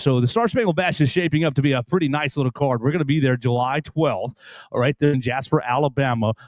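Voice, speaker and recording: A man's voice: mid-range voice, darkish tone, no echo. A man hosting a casual wrestling talk show, rambling and restarting his sentences playfully. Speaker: host.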